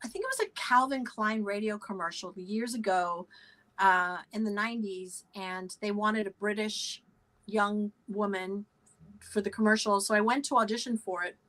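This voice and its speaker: A woman's voice: medium pitch, steady tone, moderate pace, a bit bright, poor audio. Chatty middle-aged American woman storyteller. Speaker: podcast guest, voice actor and singer. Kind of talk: casual chat.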